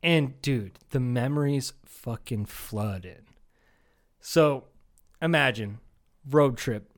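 A man's voice: medium pitch, slow. A man in his thirties from Iowa, co-hosting a comedy podcast and telling rambling, profane stories in casual chat. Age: 30s. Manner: rambling storyteller, swears a lot, mimics people. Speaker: podcast co-host.

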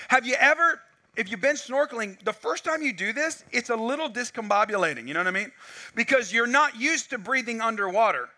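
A man preaching a sermon, telling a story with lots of acted-out dialogue, on a wireless mic. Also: high voice. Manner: animated storytelling, acts out dialogue. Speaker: pastor.

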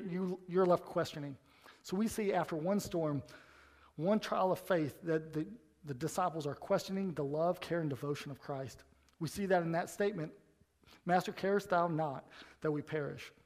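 A man preaching a sermon in a conversational, animated way, acting out little scenes as he goes. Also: on the high side. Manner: animated, conversational, acts out quotes.

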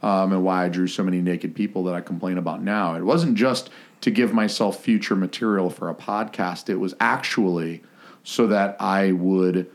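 A man's voice: deep voice, steady tone, normal speed. Crude, rambling male podcast host. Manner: crude, joking, rambling with fillers. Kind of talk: casual chat.

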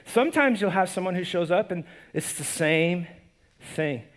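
A pastor with a notably high voice preaching a sermon in a loose, conversational way. He talks with animation and often stumbles into restarts and repeated words as he goes. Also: expressive, moderate pace.

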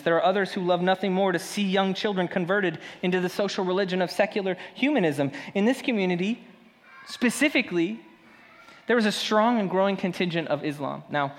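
A male pastor preaching a sermon in a conversational way, swinging between loud emphasis and hushed moments. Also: high voice, long reverb tail.

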